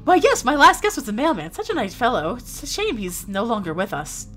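A woman's voice: on the high side, huge pitch swings, a little fast, fairly bright tone, faint music behind. A woman voicing a creepy, grinning male innkeeper and butcher in a comic game, who claims a lisp and stresses words oddly. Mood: sly. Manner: oddly stressed, falsely innocent talk.

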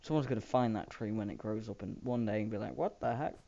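This man sits on the low side, with a dark tone, fairly even intonation, and a quick pace. He's a Minecraft let's player who rambles through casual commentary, mocking himself and adding playful sound effects. The recording comes from a dull lo-fi home mic that carries a faint hiss.

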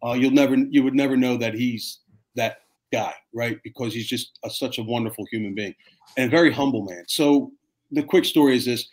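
A fire captain in his fifties telling stories in a casual, animated way, swearing freely and acting out the people in them. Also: mid-range voice, brisk. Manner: animated, profane, acts out voices in his stories. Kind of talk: casual storytelling chat.

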